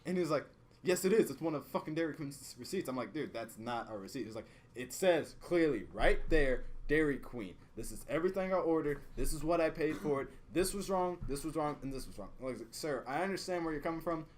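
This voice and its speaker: A young man, podcast co-host, telling a work story in a casual, profane, animated way and acting out both sides. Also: a little high, brisk.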